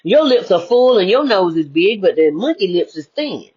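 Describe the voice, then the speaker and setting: A woman with a husky, breathy voice delivers a spiritual motivational monologue as a life coach. Her pitch swings widely while she presses her points and circles back to repeat them. The recording sounds dull and lo-fi. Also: very animated, normal speed. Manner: emphatic, preachy, repeats key phrases.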